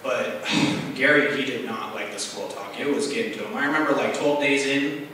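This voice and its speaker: A man doing conversational stand-up storytelling with quick asides at an open mic in a bar. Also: medium pitch, pushed and bright, slight background noise. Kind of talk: stand-up comedy. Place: bar stage. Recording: echoey bar from a distance.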